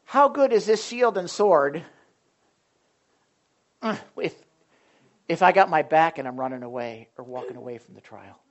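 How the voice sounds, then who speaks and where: A pastor preaching a sermon in a loose, conversational way, with jokes and asides to the congregation. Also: male voice, on the high side, normal speed, long pauses, muffled recording.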